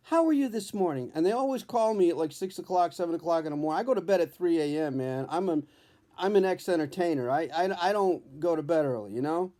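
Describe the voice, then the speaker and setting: A man who is a comedian, telling a personal story at home in a candid, profane, animated storytelling way. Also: a little high. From New Hampshire. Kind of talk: storytelling vlog. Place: his home, indoors.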